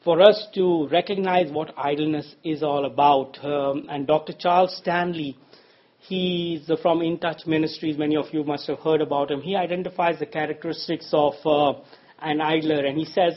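Husky-voiced man preaching a sermon. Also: a little high, steady tone, normal speed, lo-fi sound. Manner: conversational, with frequent fillers and restarts.

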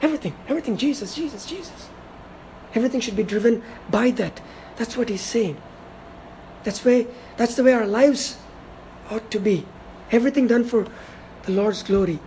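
A woman preaching an expository sermon. She talks emphatically, repeats key words and slows down to stress her points. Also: fairly high pitch, warm tone, slight background noise, poor audio.

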